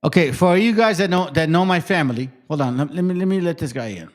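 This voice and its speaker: A man hosting a casual livestream chat, rambling, swearing freely and trailing off into quiet mutters. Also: fairly high pitch, expressive, quick pace. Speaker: livestream host.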